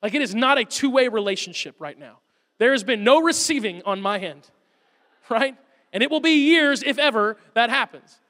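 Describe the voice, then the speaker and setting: A man in his thirties, a pastor preaching a sermon, telling a funny, animated story about his son. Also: very high-pitched, normal speed. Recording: long hall reverb.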